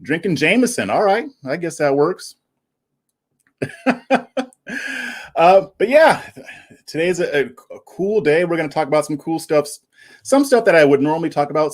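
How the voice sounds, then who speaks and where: Man, livestream host, casual and chatty, medium voice. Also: mid-range voice. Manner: chatty, plugging his channel, previewing topics. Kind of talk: casual live-stream chat.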